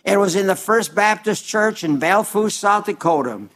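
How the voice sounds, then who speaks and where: Old preacher guy in his 90s, fairly high voice, slow earnest sermon talk, leans on repeated words. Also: a bit bright. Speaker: pastor. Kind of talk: broadcast sermon reading viewer letters. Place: South Dakota.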